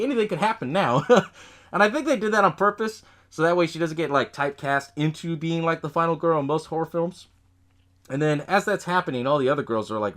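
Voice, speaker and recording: Man, podcast host, casual movie recap, swearing, laughing, lively pitch, slightly high voice. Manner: animated, profane, laughs often, acts out quotes.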